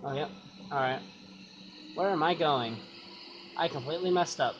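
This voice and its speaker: A man's voice: fairly high pitch, moderate pace. Guy rambling through a game playthrough, swears a lot, kinda muffled lo-fi mic with hiss behind. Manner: rambling, loose and profane, thinks aloud with fillers. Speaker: gaming YouTuber. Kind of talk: casual gameplay commentary. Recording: dull lo-fi sound with clear noise.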